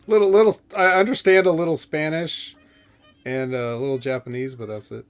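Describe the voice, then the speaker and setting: A man co-hosting a casual wrestling podcast in a relaxed way, reading out viewer comments. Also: fairly high pitch, normal speed, clean tone. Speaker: podcast co-host. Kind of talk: casual wrestling show chat.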